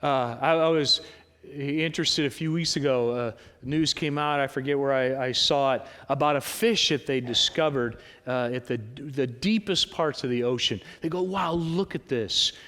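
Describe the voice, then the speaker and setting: A man preaching a sermon as pastor, conversational and animated, asking the congregation rhetorical questions. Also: mid-range voice, moderate pace, clean tone, big-room sound. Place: church sanctuary with congregation.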